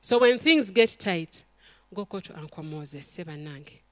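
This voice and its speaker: A woman's voice: medium pitch, measured pace, no echo. A middle-aged woman, preaching a sermon to a congregation and acting out stories and quotes. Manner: animated storytelling, acts out quotes, calls to the congregation.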